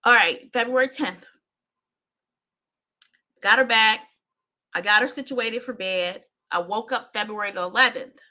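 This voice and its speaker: Woman telling her own story, bright kinda high voice, intense and repeats herself a lot. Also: measured pace, pauses often. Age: adult parent. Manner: intense, repeats herself, speaks straight to listeners. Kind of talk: emotional personal storytelling.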